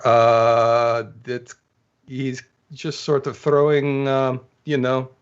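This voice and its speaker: A man playing a tabletop game, narrating his character's moves hesitantly with many pauses. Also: mid-range voice, vocal fry, muffled recording. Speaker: player.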